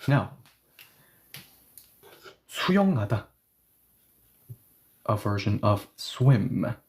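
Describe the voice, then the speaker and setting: A man's voice: mid-range voice, lively intonation, moderate pace, darkish tone. Man teaching grammar step by step. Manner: explains step by step, asking questions and answering them himself. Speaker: Korean language teacher. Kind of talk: grammar lesson.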